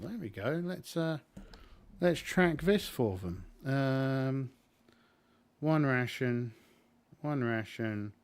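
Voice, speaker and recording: Man rambling through a solo tabletop game. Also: medium pitch. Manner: rambling, many fillers and restarts, thinking aloud. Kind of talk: casual solo game narration.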